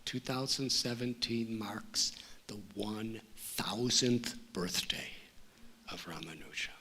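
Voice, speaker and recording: A man giving a spiritual talk, telling a story in a slow, measured way. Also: fairly low pitch, sharp tone, a little hiss or hum. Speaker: spiritual teacher.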